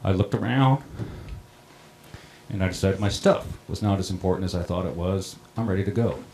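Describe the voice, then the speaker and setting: A middle-aged man who runs a town water system recounts a personal story in a plain-spoken, halting way. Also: low-pitched, warm tone, slight background noise. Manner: plain-spoken, halting, many ums and restarts. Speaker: water district operator on a panel.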